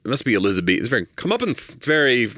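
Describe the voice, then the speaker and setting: A man's voice: mid-range voice, very animated, rapid-fire, sharp tone, dry recording, studio quality. A man from the American South, a comedian co-hosting a podcast, talking in a playful, punning, wry way. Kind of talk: casual podcast chat.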